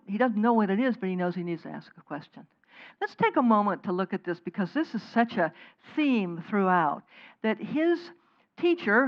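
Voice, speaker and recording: A woman's voice: medium pitch, lo-fi sound. A woman minister giving a sermon in a conversational, digressive way, often restarting her sentences.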